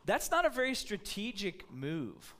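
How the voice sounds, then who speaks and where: An anxious, doubting army chief, as a man puts him on, his voice pushed up high and questioning. He sounds incredulous and a touch exasperated. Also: wildly swooping pitch, unhurried, bright, forceful tone, full character voice. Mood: doubtful. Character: anxious, skeptical male army leader.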